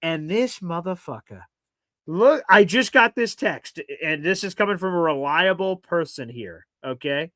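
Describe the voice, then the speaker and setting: A man hosting a casual sports talk show, swearing and getting loud and worked up. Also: fairly high pitch, lively intonation, measured pace, dry recording. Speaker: podcast host.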